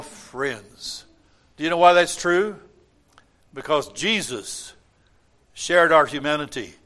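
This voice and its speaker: A man preaching a sermon in a church, swinging from loud impassioned cries to quiet asides. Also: a little high. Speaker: pastor.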